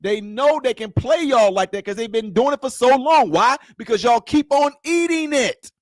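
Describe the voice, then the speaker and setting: Speaking at a moderate pace with expressive delivery, this male political commentator, whose voice is high for a man, airs a heated political rant to viewers. His style is combative and repetitive, leaning on one rhetorical question after another. It's a dry, close recording with no room sound.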